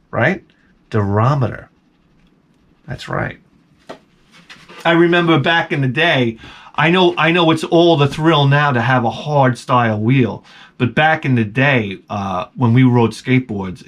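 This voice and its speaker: Middle-aged man, casual storyteller, rambling, jokey, mid-pitched voice that jumps up when excited. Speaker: video host.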